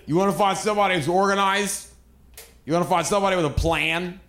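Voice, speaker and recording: A man's voice: sits high, fast, a bit bright, echoey room. A man doing a blunt, profane stand-up comedy set, ranting about anger.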